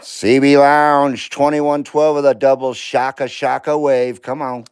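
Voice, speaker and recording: A man's voice: mid-range voice, level tone, unhurried, darkish tone, clean tone, rough recording. A man running a live CB radio stream at home, talking bluntly, swearing freely and laughing often. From Nevada, USA. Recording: radio static hiss behind the voice.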